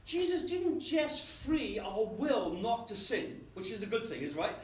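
Lively, conversational male preacher. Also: high-pitched, measured pace. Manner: conversational, asks the congregation questions. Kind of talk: sermon. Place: church. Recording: echoey church from a distance.

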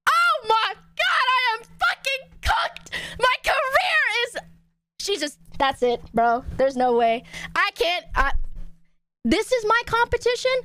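A young woman streamer ranting loudly and excitably in casual stream chat. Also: very high voice, takes it slowly. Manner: loud, excitable, swearing rants.

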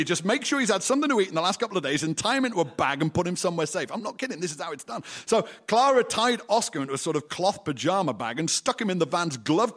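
Guy doing a sardonic standup set, fairly high voice, live radio show vibe. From England. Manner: wry, sardonic storytelling to a laughing audience. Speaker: comedian host. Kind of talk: stand-up comedy monologue. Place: live venue with audience.

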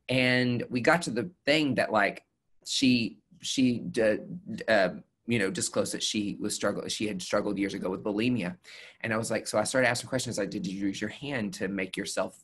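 A man, a nurse injector, chatting casually as a webcast guest and telling stories with acted-out quotes. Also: fairly low pitch. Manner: animated storyteller, acts out quotes.

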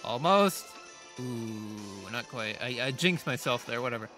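Lively, bright-voiced man playing a game. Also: medium pitch, fairly quick, soft background music. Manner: rambling, self-deprecating, reacts aloud to the game. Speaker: let's play host. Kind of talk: casual gameplay commentary.

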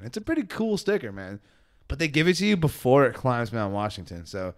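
A man's voice: mid-range voice, sing-song, fairly quick, clean tone. A man co-hosting a podcast, telling a travel story in a laid-back, profane way with lots of "dude" and "man". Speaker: podcast co-host. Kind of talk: casual chat.

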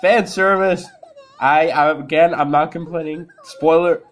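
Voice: mid-range voice, fairly even intonation, measured pace. A video host casually commenting while watching a clip, laughing constantly and swearing casually. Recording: video clip music playing behind.

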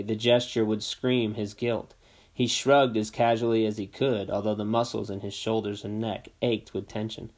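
A man narrating a novel aloud for a classroom in a steady, unpolished reading voice. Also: on the low side. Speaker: amateur reader. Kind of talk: read-aloud story narration.

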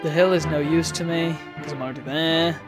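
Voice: medium pitch, fairly even intonation, brisk, over loud music. A game streamer giving chatty, wry let's-play commentary and reading on-screen text aloud.

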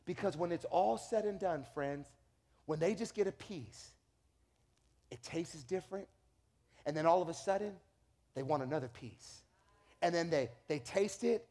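Male pastor, high voice, lively sermon delivery with acted-out quotes. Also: normal speed, pauses often. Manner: animated storytelling with acted quotes and repeated restarts.

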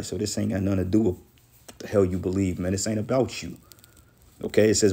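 A man's voice: low voice, steady tone, fairly quick, dark tone. A man preaching a blunt, profane sermon, reading scripture aloud and confronting critics, peppering his speech with "man" and "bro".

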